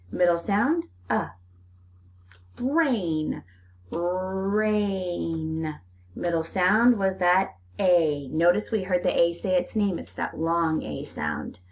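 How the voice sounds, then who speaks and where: Slow, lively woman teacher with lilt. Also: fairly low pitch. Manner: slow, drawn-out sounds with lively, encouraging praise. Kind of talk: phonics lesson to young children.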